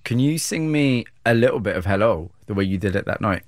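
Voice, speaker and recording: A man interviewing a guest and narrating his story in a clear, measured way. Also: lowish voice, animated, no room sound, clean studio sound. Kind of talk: scripted narration.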